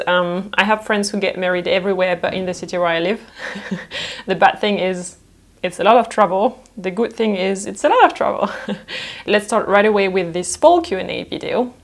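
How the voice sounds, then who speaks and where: A young woman from France, who speaks French as her first language, talks through viewer questions in a casual vlog. She is playful and quick to laugh. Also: fairly low pitch. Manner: lively, laughs often, playful. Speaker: fashion designer and vlogger.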